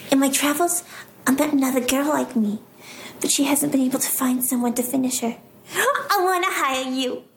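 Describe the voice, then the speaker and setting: An actress playing a bubbly, uncanny woman, breathy and eager, in a film. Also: high-pitched, slight background noise.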